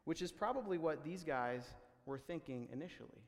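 A man delivers a sermon in an easygoing, talky way, stumbling over restarts and fillers before climbing into animated, urgent outbursts. His voice sits a little high for a man. The sound rings with the long reverb of a large hall. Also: moderate pace, few pauses. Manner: conversational preaching, many fillers and restarts, rising to excited exclamations. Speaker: pastor.

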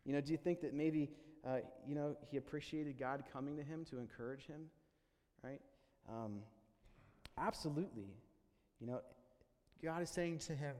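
Earnest pastor in a reverberant hall. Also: male voice, on the high side, dark tone. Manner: earnest, halting with repeated restarts. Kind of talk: sermon.

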